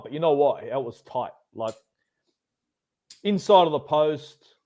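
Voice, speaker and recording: A man's voice: fairly high pitch, expressive, measured pace, dark tone. A man co-hosting a live football watchalong, teasing his partner in blunt, sweary banter. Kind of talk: casual live match chat.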